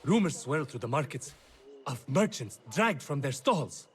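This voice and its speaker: A man's voice: medium pitch, very animated, measured pace. An actor playing a polite, anxious male trader in a game, speaking courteously. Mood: worried.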